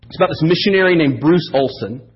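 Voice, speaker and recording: A man preaching a sermon as pastor, telling stories in an animated, joking way. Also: a little high, fast talker, slightly rough. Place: church service. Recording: dull lo-fi sermon audio.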